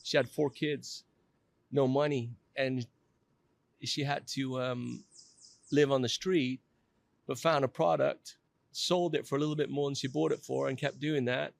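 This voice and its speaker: A man in his fifties, a podcast guest, telling a personal story in an earnest, animated way. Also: medium pitch, measured pace, creaky, pauses often, dry recording.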